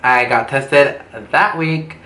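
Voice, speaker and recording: A young man telling a storytime vlog, animated and swearing, acting out what people said with big jumps in pitch. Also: slow. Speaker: vlogger. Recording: echoey room with faint background noise.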